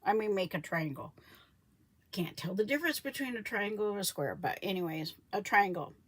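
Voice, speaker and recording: A homesteading vlogger chats casually on a live stream about her homestead, in a medium-pitched voice at a moderate pace. She rambles, corrects herself as she goes, and quotes other people in lively voices.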